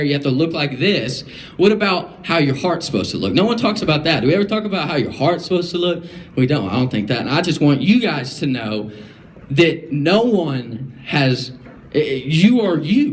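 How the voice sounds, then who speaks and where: A young man giving a casual, conversational talk to students, full of fillers and restarts and questions to the audience. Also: on the high side. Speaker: guest speaker. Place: school classroom or hall.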